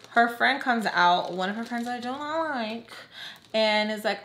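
A woman vlogger telling a personal story in a casual, chatty way, talking fast with lots of fillers and asides to her viewers. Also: on the high side, fairly bright tone, slight background noise.

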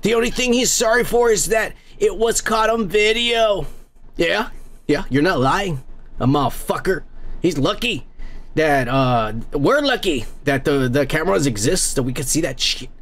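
A man's voice: fairly high pitch, expressive, moderate pace, a bit bright. A man hosting a podcast, reading viewer comments aloud in a crude, rambling, mocking way and laughing often.

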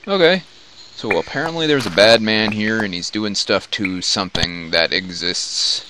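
A man's voice: fairly low pitch, moderate pace. A man casually commenting as he plays through a computer role-playing game, with wry, playful asides. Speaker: let's play host. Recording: steady background noise.

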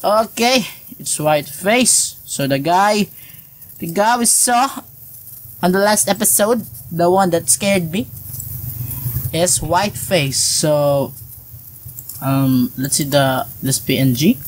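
A young man giving let's-play commentary on a horror game, swearing a lot and yelling when something startles him. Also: high-pitched, slow, long pauses, a little hiss or hum, rough recording. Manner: swears a lot, jumpy, yells when scared. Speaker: gaming YouTuber.

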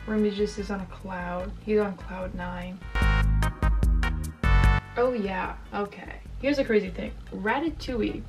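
A woman's voice: medium pitch, steady tone, measured pace, pauses often, recorded from a distance, over loud music, poor audio. A young woman vlogging casually as she paints, rambling and joking at herself. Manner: rambling, self-mocking, chatty. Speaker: YouTuber. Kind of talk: casual chat while painting.

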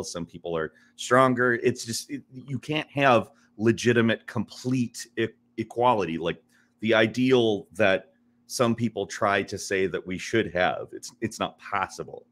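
A man's voice: lowish voice, moderate pace. A man guesting on a casual podcast, rambling with many restarts and laughing easily. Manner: rambling, restarts often, laughs easily, animated when worked up.

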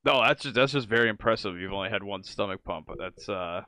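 A man's voice: lowish voice, quick pace, bright, forceful tone, clear, resonant tone, no room sound, studio quality. A man hosting a casual podcast interview, asking easygoing questions and laughing often. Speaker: podcast host.

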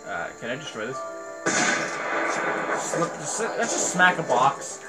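A man's voice: mid-range voice, sing-song, slow. Chatty man rambling over gameplay. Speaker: let's play host. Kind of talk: casual gameplay commentary. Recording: voice over game music.

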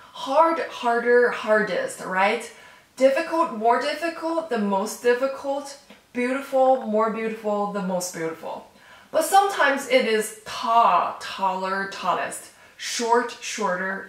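A woman teaching an online language lesson, who speaks slowly and repeats each word several times. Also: on the high side, bright, forceful tone, very echoey, far from the mic, poor audio.

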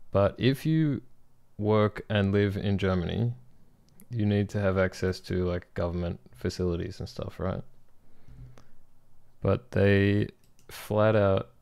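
A man's voice: deep voice, vocal fry, darkish tone, clean tone. A young man streaming while he builds, chatting casually and ranting with jokes to his viewers. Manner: ranting, joking, talks to chat.

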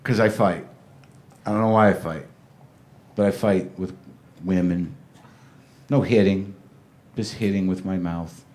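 A man's voice: deep voice, steady tone, measured pace, pauses often, darkish tone. A middle-aged man doing a stand-up comedy set on a club stage, telling a rambling, neurotic story and acting out the quotes.

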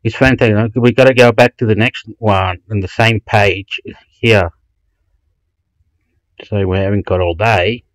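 A man's voice: on the low side, fairly even intonation, measured pace, long pauses, dry recording, poor audio. A man from Chile, a channel host who rambles through websites in a profane, rambling commentary full of restarts and swearing. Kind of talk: ranting commentary while browsing websites.

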